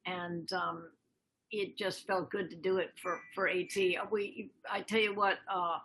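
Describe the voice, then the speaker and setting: A woman's voice: on the low side, fairly even intonation, unhurried, fairly bright tone, slight background noise, rough recording. An older woman from Massachusetts, a musician guest on a podcast, speaking reflectively and trailing off with fillers. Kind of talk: casual interview chat.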